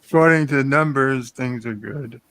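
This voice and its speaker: A tired, sleepy man chatting casually on a morning show, speaking haltingly with many pauses. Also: mid-range voice, a bit bright, no echo.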